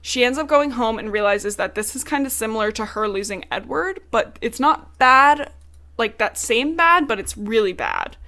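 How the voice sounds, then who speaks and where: A woman's voice: a little high, animated, normal speed, bright, forceful tone. A woman co-hosting a podcast, casually recapping a book with loose talk and swearing. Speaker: podcast co-host.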